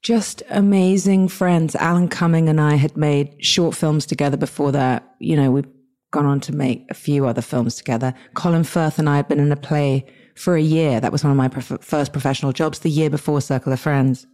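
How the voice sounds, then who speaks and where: A woman with an English accent talks in a low voice with a warm, soft tone. She tells her stories casually and with energy. She often breaks off and starts her sentences again, and she acts out the people she quotes. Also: normal speed. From England. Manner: lively, chatty, many restarts and quoted asides. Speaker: guest. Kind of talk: casual interview storytelling.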